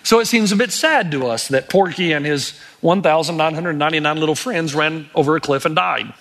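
A man's voice: a little high, brisk, a bit bright. A male pastor preaching a sermon, telling stories with acted-out quotes and wry humor.

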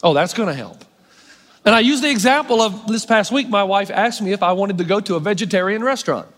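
High-voiced preacher in a reverberant hall. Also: male voice, quick pace. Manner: wry, self-mocking, animated preaching. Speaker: pastor. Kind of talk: sermon.

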